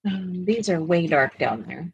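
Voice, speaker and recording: A chatty, teasing woman helps sort pencils at home and yawns through the evening. Her voice is slightly breathy and sounds dry and close to the mic. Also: on the low side, expressive, a little slow, no room sound, muffled recording. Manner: chatty, teasing, laughs easily. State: sleepy, yawning. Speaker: co-host. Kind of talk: casual chat.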